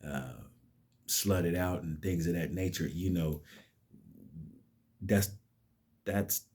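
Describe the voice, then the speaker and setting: Guy ranting on his vlog, deep mellow voice, emphatic and preachy. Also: breathy edge. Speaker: vlogger. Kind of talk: impassioned monologue.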